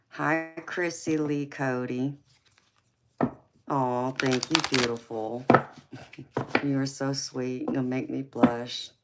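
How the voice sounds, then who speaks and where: A woman's voice: extremely low pitch, level tone, very slow, long pauses, very noisy. Southern-drawling woman chatting on a live stream. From California, raised in Georgia. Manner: affectionate, calls viewers honey and babe. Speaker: tarot reader and livestream host. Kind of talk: casual live-stream chat with viewers.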